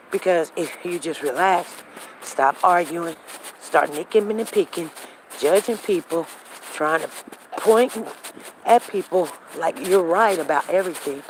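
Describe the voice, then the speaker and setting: Casual show host, rambling story, acts out dialogue, mid-pitched voice, faint background noise. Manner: storytelling, reenacts conversations; rambling with frequent restarts. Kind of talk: casual talk monologue.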